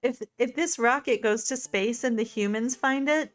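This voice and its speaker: A woman streaming a game in casual let's-play commentary. She is chatty and excitable, and she swings between gushing and muttering to herself. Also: a little high, normal speed. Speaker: gaming streamer.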